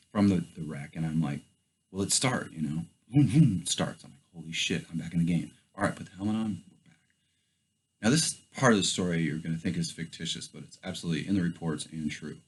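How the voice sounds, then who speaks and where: Husky low-voiced man telling a wild tale. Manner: loose, profane, animated retelling with quoted inner thoughts. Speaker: storyteller. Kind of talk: casual first-person storytelling.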